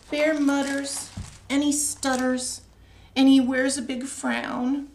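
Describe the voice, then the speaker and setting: A woman librarian reading a picture book aloud to young children with an expressive read-aloud delivery, then chatting with them. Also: high-pitched, takes it slowly. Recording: echoey room, faint noise.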